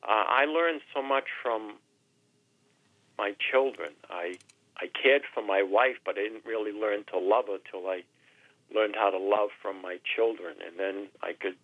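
A man in his sixties, a radio guest, speaking haltingly and emotionally, repeating words and with his voice sometimes breaking. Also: on the low side, no echo. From New Hampshire. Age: 60s. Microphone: telephone. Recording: tinny phone line.

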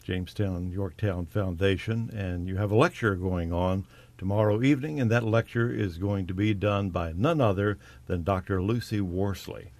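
Deep-voiced genial male interviewer. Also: normal speed, darkish tone, no room sound. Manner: genial, rambling, with restarts. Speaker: interview host. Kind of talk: broadcast interview.

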